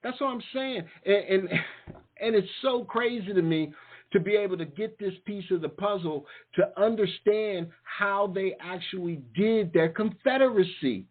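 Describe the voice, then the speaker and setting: High, husky man on a tinny line. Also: a little slow. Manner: fiery, mocking, repeats phrases for emphasis. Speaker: show host. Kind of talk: impassioned online talk show monologue. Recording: tinny phone-like sound.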